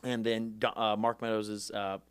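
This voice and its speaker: A man in his twenties, a podcast guest, telling his story in a fast, animated, profane way and acting out the people he quotes. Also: on the low side, clear, resonant tone. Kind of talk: casual storytelling interview.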